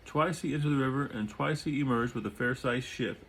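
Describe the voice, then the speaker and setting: A man's voice: mid-range voice, brisk, slight background noise, low-quality recording. Man reading his own novel aloud. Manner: relaxed, self-correcting, repeats words. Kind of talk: audiobook reading with casual asides. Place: home during a thunderstorm.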